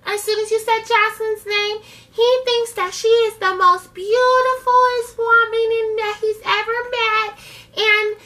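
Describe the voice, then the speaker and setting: A woman mimicking a reality-TV wife's high, affected, complaining voice. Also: steady tone, unhurried, pushed and bright, heavily acted. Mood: indignant. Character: indignant reality-TV wife, shrill and high.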